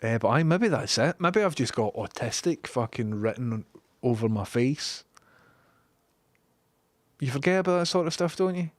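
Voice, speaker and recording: A man's voice: mid-range voice, animated, normal speed, pauses often, dry recording. Chatty Scottish man streaming from home. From Scotland. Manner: chatty, joking, reads out viewer messages. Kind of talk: casual live-stream chat. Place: home studio room.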